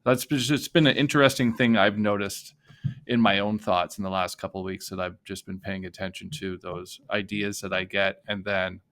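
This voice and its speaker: A man hosting a podcast as a life coach, talking in a relaxed, reflective way. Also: fairly low pitch, normal speed. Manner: reflective, thinking aloud. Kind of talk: casual podcast conversation.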